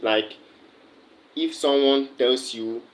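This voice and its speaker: A man's voice: medium pitch, slow pace, low-quality recording. A man with a Nigerian accent chatting on a livestream, answering viewers' comments with lots of fillers and repeated words. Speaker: livestream host. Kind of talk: casual livestream chat.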